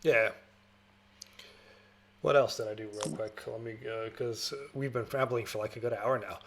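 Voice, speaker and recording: A man's voice: lowish voice, fairly even intonation, moderate pace, a crowd in the background. Young guy cohosting a podcast, loose rambly chat, cusses a lot. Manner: rambling, swearing, chatty. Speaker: podcast co-host. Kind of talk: casual chat.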